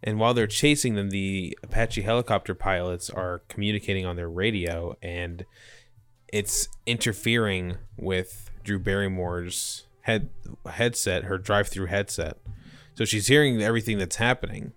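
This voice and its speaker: Young male podcast co-host, low, smooth-toned, jokey rambling recap. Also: a bit bright, no echo, faint music behind. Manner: rambling, jokey, quick to mock accents. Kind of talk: casual movie recap chat.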